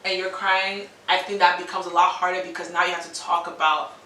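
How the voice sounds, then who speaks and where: A woman's voice: on the low side, little pitch movement, brisk, sharp tone. A woman in her twenties co-hosting a casual chat, reasoning her thoughts aloud with slang. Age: 20s. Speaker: co-host. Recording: roomy echo from far off.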